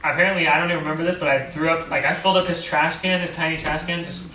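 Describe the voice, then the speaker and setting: Rambling young man, bright voice. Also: fairly high pitch, fairly even intonation, racing. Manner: rambling, laughing through the story, swearing. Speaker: podcast co-host. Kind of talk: casual chat, drunk story. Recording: echoey room, mic at a distance, faint background noise.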